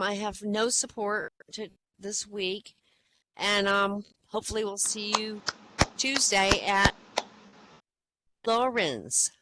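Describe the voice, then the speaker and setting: A woman hosts a comedy night over online voice chat and strings jokes together in a loose, chatty way. She rambles and hesitates with plenty of fillers, in a voice of middling pitch, with faint noise behind her. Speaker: comedy open-mic host. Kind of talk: casual joke-telling. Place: online virtual-world voice chat.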